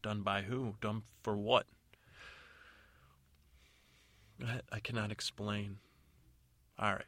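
A man's voice: on the low side, flat delivery, measured pace, fairly bright tone, no echo. A man voicing a blunt, suspicious stepmother who questions curtly. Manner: curt, demanding.

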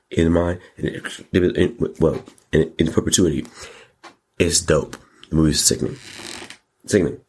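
Deep husky man hyping a movie. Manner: animated, slangy, repeats words for emphasis. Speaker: show host. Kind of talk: casual movie review monologue.

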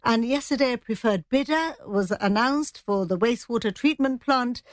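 A woman, a news editor talking through the week's stories in a brisk, chatty way, dropping in Spanish phrases. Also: fairly high pitch, dry recording. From Gibraltar. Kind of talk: radio news chat.

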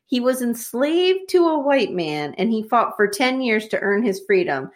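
Animated woman recapping a show. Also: fairly high pitch, normal speed. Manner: animated, jokey storytelling. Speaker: podcast co-host recapping a TV episode. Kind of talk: casual chat.

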